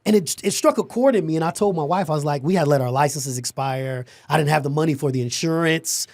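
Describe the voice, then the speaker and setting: A man with a somewhat high voice tells his own story on a podcast. He speaks with animated emphasis, restarts his sentences and laughs along the way. The recording is dry and close. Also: fast, no room sound. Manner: repeats words, restarts sentences. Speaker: podcast guest, security company owner. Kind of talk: personal storytelling in a conversation.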